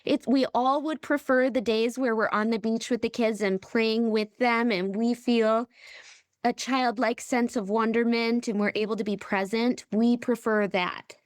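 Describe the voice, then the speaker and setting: Woman, coach, emphatic, checks in often, fairly high voice, dry close sound. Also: steady tone, unhurried, no room sound. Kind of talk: podcast conversation.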